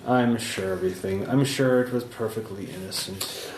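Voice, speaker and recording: A man's voice: on the low side, moderate pace, reverberant, slight background noise, low-quality recording. A man playing a cook in a tabletop game, answering in a dry, understated way. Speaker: player.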